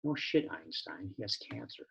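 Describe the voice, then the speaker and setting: A blunt, sarcastic businessman, read by a man with a gravelly, creaky texture. The recording sounds dull and lo-fi. A storybook reading. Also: lowish voice, animated, moderate pace. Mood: irritated. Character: irritated adult male real-estate partner.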